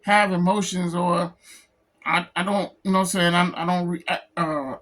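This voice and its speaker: A man who is a comic book artist, talking in an emotional personal vlog, close to tears, halting and repeating himself. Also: sits high, steady tone, fairly bright tone. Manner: halting, repeats phrases, says "man" a lot. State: tearful, close to crying.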